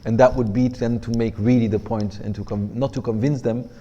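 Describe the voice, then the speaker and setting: A man teaching a class on Arabic rhetoric, explaining in English and reading Arabic passages aloud quickly, relaxed and joking with his students. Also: medium pitch, highs cut off.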